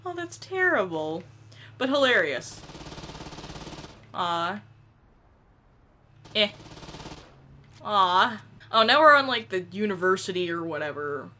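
Young woman gamer yelling n laughing at her game, bright voice, unhurried. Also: medium pitch, slight background noise. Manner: excitable, yells and laughs at the game. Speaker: gaming YouTuber. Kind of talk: let's play commentary.

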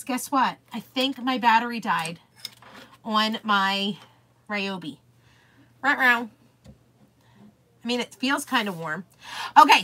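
Bubbly high-voiced woman streaming live. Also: pushed and bright. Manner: bubbly, gushing and easily sidetracked. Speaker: craft product seller hosting a live stream. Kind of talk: chatty live-stream demo, reading viewer comments aloud.

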